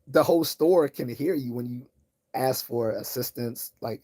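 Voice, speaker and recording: A man with a calm, low-key voice hosts his own livestream in a loose, rambling monologue. His tone is warm and mellow, sitting at an ordinary pitch for a man. He keeps doubling back on words and drifting into tangents. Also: a little slow. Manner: tangent-prone, many restarts and repeated words. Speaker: livestream host.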